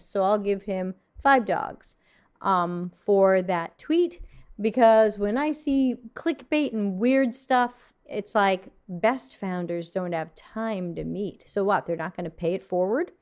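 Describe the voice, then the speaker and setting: A woman hosts a casual livestream from her desk, reading out viewer submissions and reacting to them. She is frank and mildly snarky, filling her talk with ums and restarts. Her pitch sits right in the middle of the usual range. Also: expressive, measured pace, darkish tone, clean tone.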